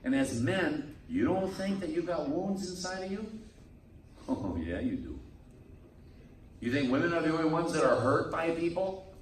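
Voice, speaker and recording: A priest preaches with a lively, swooping delivery and a fairly high voice. He sounds set back from the mic, and the room around him echoes, with a faint hum underneath. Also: normal speed, pauses often, far from the mic. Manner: lively preaching, acts out quoted people. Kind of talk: sermon. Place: meeting room.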